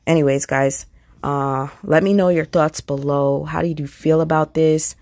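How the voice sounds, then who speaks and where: A woman's voice: low voice, steady tone, a little slow, a little mellow, dry recording. A woman hosting a commentary video, talking bluntly and scornfully and asking her viewers rhetorical questions. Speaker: commentary channel host. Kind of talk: opinionated commentary.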